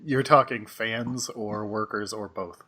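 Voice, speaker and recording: A man hosting a casual podcast chat, easygoing, quick to laugh and asking probing follow-up questions. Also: fairly low pitch, steady tone, bright, forceful tone, slightly rough. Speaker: podcast host.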